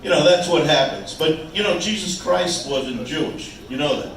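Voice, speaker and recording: Wisecracking stand-up comic in an echoey club. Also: male voice, on the high side, a bit bright, far from the mic, a little hiss or hum. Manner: wisecracking, teasing the crowd, halting restarts. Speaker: stand-up comedian. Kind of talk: stand-up comedy set. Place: small brewery club stage. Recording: echoey room, mic heard from afar.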